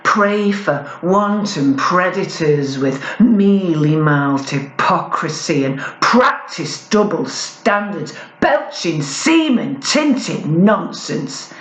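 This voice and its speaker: A woman performing spoken-word poetry in a slow, deliberate, expressive way at a live gig. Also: low voice, roomy sound, rough recording. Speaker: performance poet.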